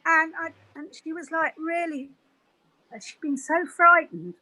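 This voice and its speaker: High-voiced woman on a zoom call, bright and sharp, earnest and emotional. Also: measured pace, no echo, rough recording. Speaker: caregiver. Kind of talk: personal storytelling on a group call. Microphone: video call.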